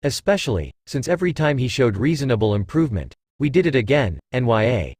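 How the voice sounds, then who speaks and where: In a storybook reading, a man voices a teasing, purring female cat-demon, playful and lively in her lilt. The voice is medium-pitched, brisk, and husky. The sound is dry and close, with no room sound.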